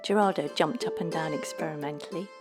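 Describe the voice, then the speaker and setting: A woman narrating a storybook in a soft, hushed, measured way. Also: low-pitched. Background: music.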